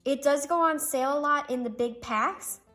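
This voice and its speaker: A woman's voice: sits high, moderate pace, a bit bright, soft background music. A young woman chatting casually through a pen review, gushing and making self-deprecating asides. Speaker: stationery reviewer.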